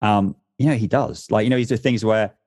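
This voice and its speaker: A man's voice: lowish voice, a little fast, dry recording, clean studio sound. A man chatting casually about tabletop games, rambling and correcting himself as he goes. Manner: rambling, self-correcting, animated.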